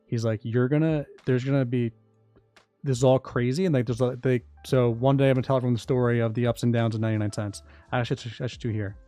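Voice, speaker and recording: A man talking casually on a livestream about his crypto project, rambling, restarting sentences and getting excited. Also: medium pitch, fast, no room sound, faint music behind. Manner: rambling, self-interrupting, excitable. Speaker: crypto project founder and streamer.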